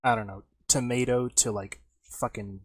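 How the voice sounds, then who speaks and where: A man's voice: medium pitch, fairly even intonation, moderate pace, slightly rough. A man narrating a tabletop game as game master, rambling with many fillers.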